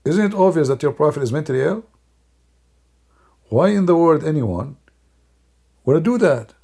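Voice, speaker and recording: A man's voice: a little high, lively intonation, moderate pace, creaky, dark tone, husky. A man doing live-stream commentary in a mocking, sarcastic way, with non-native English grammar. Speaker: online religious commentator.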